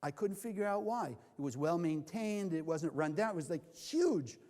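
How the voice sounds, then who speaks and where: High-pitched man teaching a class, lots of rhetorical questions, echoing lecture hall. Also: lively intonation, moderate pace, mellow. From California. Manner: asks the audience questions and answers them himself. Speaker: Kabbalah teacher. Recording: long hall reverb.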